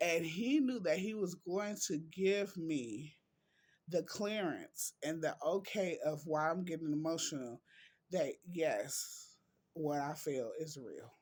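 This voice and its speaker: A man talks straight to his viewers in a slow, deliberate vlog and drags out his words. His voice sits a little high for a man. He sounds emotional and close to tears as he preaches his point. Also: darkish tone. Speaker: vlogger. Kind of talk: emotional vlog reading quotes.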